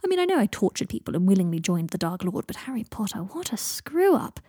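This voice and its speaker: A woman voicing a frail, sardonic young man near death, with a dry, drawling, often hushed delivery. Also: lowish voice, very animated, rapid-fire, husky, no room sound. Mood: wry. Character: sardonic dying young wizard, frail and wry.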